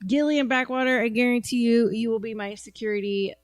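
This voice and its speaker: A playful woman co-host reading viewer comments in loose, casual chat, swearing freely. Her voice is a touch high and sounds dry and close to the mic. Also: fast, no room sound.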